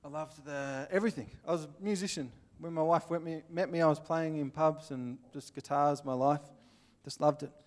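Casting: Australian male preacher, plainspoken and earnest, voice slightly high. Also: steady tone, normal speed, hardly any pauses. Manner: earnest, plainspoken, acts out little scenes. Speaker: pastor. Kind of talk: sermon.

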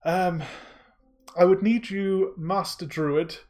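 Man, game master, fairly high voice, casual descriptive narration, ums and swearing. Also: fairly even intonation, slow, darkish tone.

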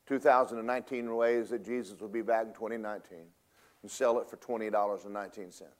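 A man preaching a sermon in a folksy, emphatic way, swinging between loud and soft and fast and slow for effect. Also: on the low side, fairly even intonation. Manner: folksy, emphatic, varies loudness and pace for effect.

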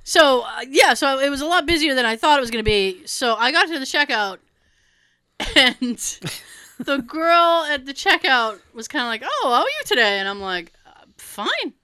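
A woman chatting casually and telling an everyday story, acting out quoted dialogue in lively voices. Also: high-pitched, normal speed, smooth, no room sound, studio quality.

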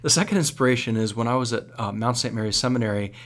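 Male priest, radio interview guest, animated storyteller with frequent restarts. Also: mid-range voice, fast.

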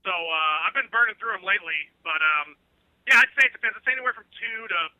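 A man's voice: high voice, animated, quick pace, dry recording. A man guesting on a talk show, rambling and self-deprecating as he explains his process over a dull phone line. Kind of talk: casual interview over the phone.

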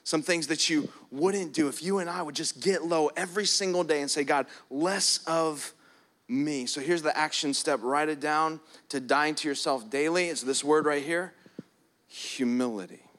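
Bright-voiced preaching man. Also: on the high side, moderate pace. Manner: preaching, swings from hushed prayer to loud emphatic. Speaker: pastor. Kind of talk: sermon.

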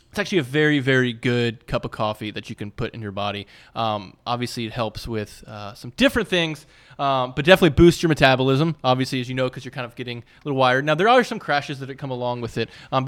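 A man's voice: medium pitch, fast talker, clean tone. A man in his thirties co-hosting a podcast, rambling and telling stories with lots of fillers. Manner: rambling, filler-heavy, animated storytelling. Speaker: podcast co-host. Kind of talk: casual chat.

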